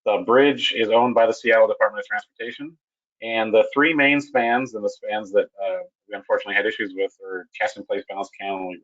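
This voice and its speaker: A man presenting a technical webinar on a bridge repair, talking in a halting way with many restarts and fillers. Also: fairly low pitch, steady tone, a bit bright, dull audio.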